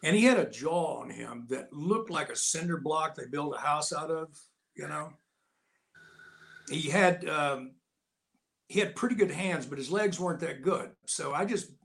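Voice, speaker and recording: A man in his sixties, an interview guest telling animated, folksy anecdotes in a casual way. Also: a little high, measured pace, gravelly. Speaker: interview guest, actor and Navy veteran.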